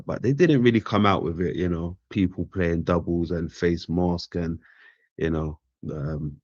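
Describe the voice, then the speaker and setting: A man's voice: low voice, a little mellow, dry recording. A man talking in a casual, laid-back monologue. He often repeats phrases and keeps asking "right?". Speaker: commentator. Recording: dull lo-fi dry sound.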